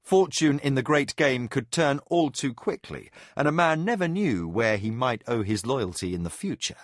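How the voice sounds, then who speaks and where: A man reading a fantasy novel aloud in measured, expressive scripted narration. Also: mid-range voice, dry recording, studio quality. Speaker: audiobook narrator.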